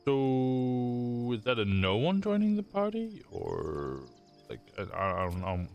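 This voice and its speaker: A man's voice: medium pitch, sing-song, unhurried, clean tone, highs cut off, soft background music. A man streaming a video game, chatting casually, swearing, laughing often and tripping over his words. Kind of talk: casual gaming commentary.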